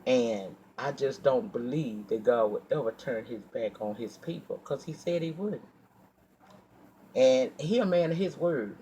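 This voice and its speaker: A man telling a personal story in a casual storytime monologue, animated and profane, acting out his own heated outbursts and then dropping to a quiet, earnest tone when he reflects. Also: medium pitch, slight background noise. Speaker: storyteller vlogger.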